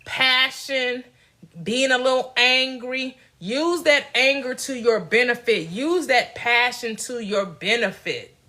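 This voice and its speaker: A woman's voice: a little high, slow, sharp tone. A middle-aged woman hosting a casual motivational talk, emphatic and direct, laughing often between her points. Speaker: motivational channel host.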